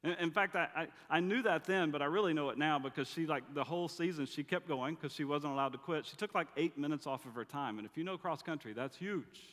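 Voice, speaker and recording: A man's voice: a little high, fast talker, few pauses, a bit bright. A middle-aged man preaching a sermon, telling family stories with dry humor in a conversational way. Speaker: pastor. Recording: long reverb of a large hall.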